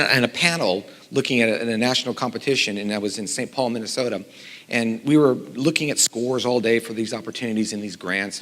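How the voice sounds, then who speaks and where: A middle-aged man, a composer and teacher, giving a conference talk with animated storytelling and lively voiced quotes. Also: lowish voice. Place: conference hall. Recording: long hall reverb.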